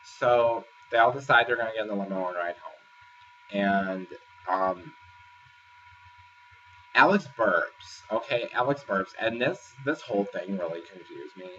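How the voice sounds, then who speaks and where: A man's voice: fairly low pitch, animated, normal speed, fairly bright tone, a little hiss or hum. A man casually recapping a reality show episode in a rambling, filler-heavy way. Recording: distant, dull lo-fi sound with faint ambience.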